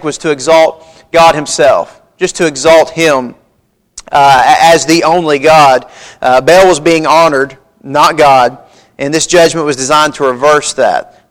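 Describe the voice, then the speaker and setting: A man preaching a sermon, reading scripture aloud in a folksy, emphatic way. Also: a little high. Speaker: pastor. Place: church sanctuary.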